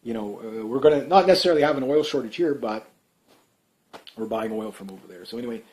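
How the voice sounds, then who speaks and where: Canadian man, vlogger, rambling casual talk, lots of "uh" and "you know", trails off softly. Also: medium pitch, expressive, fast, rough recording. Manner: rambling, many fillers and restarts, trailing off quietly. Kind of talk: casual off-the-cuff commentary.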